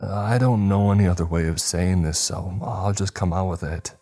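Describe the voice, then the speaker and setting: A man voicing a shaken, grieving male teacher who speaks in a halting, subdued way. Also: deep voice, steady tone, mellow, breathy edge, soft background music.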